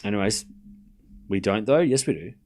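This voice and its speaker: Guy calling tennis live on stream, voice jumps all over, excitable then chill chatting with chat. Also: fairly low pitch, moderate pace. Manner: excitable play-by-play mixed with laid-back banter to chat. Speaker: stream host doing live tennis commentary. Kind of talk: casual live-stream watchalong commentary.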